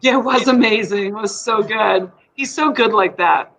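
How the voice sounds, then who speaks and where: A woman's voice: mid-range voice, moderate pace, fairly bright tone, low-quality recording. Chatty effusive woman live-stream host. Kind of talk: casual live-stream chat. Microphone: USB desk mic.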